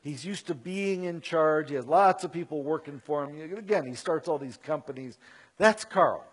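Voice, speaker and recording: A middle-aged man telling a story to a live audience in an animated, conversational way with self-mocking asides. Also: a little high, normal speed, husky.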